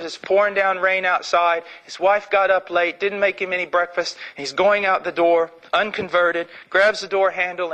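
A man's voice: sits high, pushed and bright, low-quality recording. A man preaching a sermon in an impassioned, emphatic way.

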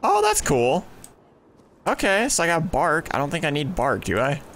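A young man giving excitable let's play commentary, thinking aloud and exclaiming as he plays at home on a desk mic. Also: fairly high pitch, moderate pace, a little hiss or hum. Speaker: gaming YouTuber.

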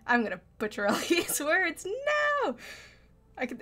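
A woman's voice: fairly high pitch, brisk, a bit bright. A young adult woman chatting casually as a streamer, giggly and reactive while she plays. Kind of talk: casual gameplay commentary.

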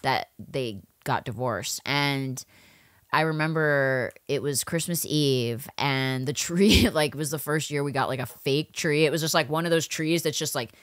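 A woman's voice: a little slow, dry recording, clean studio sound. A woman co-hosting a podcast, telling stories in casual chat and acting out quotes with big jumps in her voice. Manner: animated storyteller, acts out quotes with big pitch jumps. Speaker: podcast co-host.

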